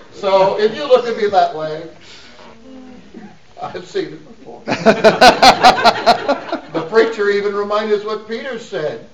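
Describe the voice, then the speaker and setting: A middle-aged preacher with a fairly high voice delivers a sermon in a folksy, joking style and laughs often. He sounds set back from the microphone in an echoey church, and the recording is somewhat dull. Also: expressive, takes it slowly, long pauses, far from the mic, a crowd in the background.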